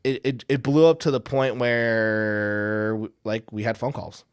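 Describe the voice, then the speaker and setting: A man's voice: on the low side, little pitch movement, unhurried, clean tone, dry recording, studio quality. A man hosting a podcast, chatting casually in a rambling, profane way, often repeating words. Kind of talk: casual chat.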